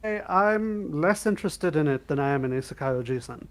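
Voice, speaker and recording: Man, higher voice, podcast co-host, emphatic, casual talk. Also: lively intonation, fairly quick.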